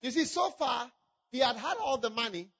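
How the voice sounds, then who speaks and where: Male preacher, fervent sermon, repeated appeals, gravelly edge, muffled lo-fi sound. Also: very high voice, lively intonation, normal speed. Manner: fervent, repetitive appeals, often shouting. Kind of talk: impassioned sermon. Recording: dull lo-fi recording.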